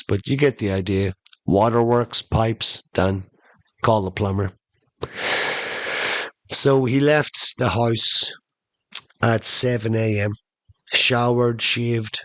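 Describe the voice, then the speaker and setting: Low-voiced man telling a comic story. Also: dry recording. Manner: animated, slows down for emphasis. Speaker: podcast host. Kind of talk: comedic storytelling monologue.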